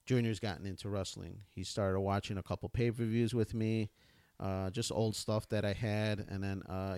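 A man co-hosting a podcast, telling relaxed stories and chatting casually. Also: smooth, dry recording. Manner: laid-back storytelling, quotes his son in a high voice. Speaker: podcast co-host.

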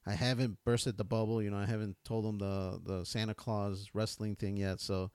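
Casual podcast co-host, man, lowish voice, dry close mic, laid-back storyteller. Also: level tone, normal speed, darkish tone, smooth, no room sound. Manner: laid-back storytelling, quotes his son in a high voice.

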